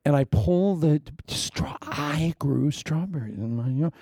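Gravelly middle-aged male pastor, joking. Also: on the high side, lively intonation, measured pace, warm tone, dry recording, clean studio sound. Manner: joking, conversational, with laughing asides. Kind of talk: sermon.

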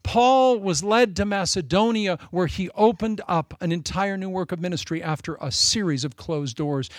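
A man preaching a sermon with passion, drawing out his phrases and dropping from loud emphasis to hushed whispers. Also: fairly high pitch, no room sound. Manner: drawn-out, deliberate phrasing.

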